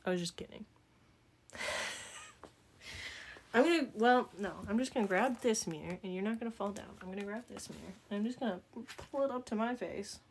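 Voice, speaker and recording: A woman's voice: mid-range voice, a little fast, pauses often, slight background noise. A woman with a Southern accent talking through a makeup tutorial in a casual, joking way, full of rambling asides. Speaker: makeup vlogger.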